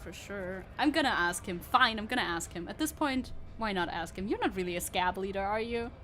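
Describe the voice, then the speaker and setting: A woman's voice: medium pitch, lively intonation, fairly quick, pushed and bright. A woman streamer giving casual gameplay commentary, chatty and giggly, thinking aloud. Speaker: VTuber streamer.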